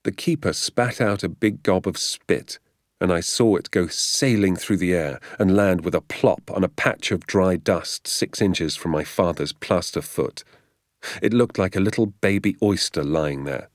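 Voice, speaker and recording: A man reads a story aloud in a steady, descriptive way, his voice very deep. The recording is close and dry, with no room sound at all. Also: measured pace, dry recording. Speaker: narrator. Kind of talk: scripted audiobook narration.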